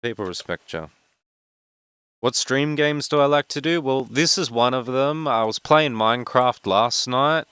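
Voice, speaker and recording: A man in his twenties from Australia with a broad Western Sydney accent, a game streamer who talks fast and rambles with many fillers in casual chat. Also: mid-range voice, fairly bright tone, smooth, dry recording. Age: 20s.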